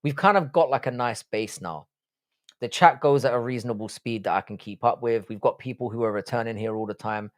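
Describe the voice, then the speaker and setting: A man's voice: medium pitch, brisk. A man hosting a casual live stream, reading chat aloud and answering in a blunt, profane way.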